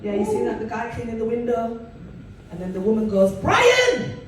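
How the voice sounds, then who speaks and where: A woman's voice: a little high, quick pace. A woman with a Leeds accent performing a chatty stand-up comedy set in a club. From northern England. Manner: animated, chatty, full of fillers. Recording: echoey club from far off with room noise.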